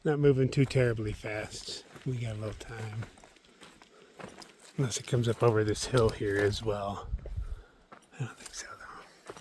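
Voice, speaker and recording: A man vlogging outdoors on a mountain trail during a solo thru-hike, chatting casually to himself and his viewers in a relaxed way. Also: fairly low pitch, moderate pace, slight background noise. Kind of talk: casual vlog narration while hiking.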